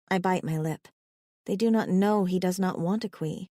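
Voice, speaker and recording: A woman narrating a first-person romance audiobook in an even storytelling manner. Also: medium pitch, moderate pace, dry recording, studio quality.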